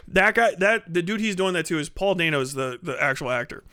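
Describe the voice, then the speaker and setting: A man holding forth on his livestream in a profane, rambling comic rant, cracking himself up as he goes. His voice sits high and bright. The mic is close, and the sound is dry. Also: lively intonation, a little fast, clean tone, dry recording. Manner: rambling, crude, laughs often, does impressions.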